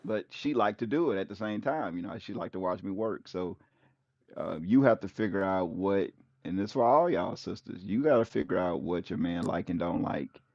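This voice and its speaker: A man's voice: low voice, expressive, normal speed, a little mellow, no echo, muffled recording. A man as host giving casual, rambling relationship advice, with "you know" in nearly every thought.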